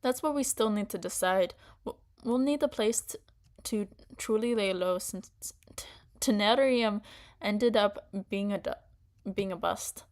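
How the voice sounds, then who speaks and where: A woman's voice: mid-range voice, unhurried, darkish tone, lightly acted. Woman reading a laid-back young male mechanic, friendly and matter-of-fact. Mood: practical.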